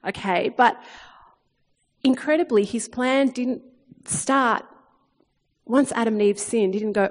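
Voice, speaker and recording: A woman's voice: a little high, unhurried, pauses often. Earnest woman preaching in a reverberant hall. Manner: earnest, animated when reading scripture, with fillers and restarts. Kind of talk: sermon.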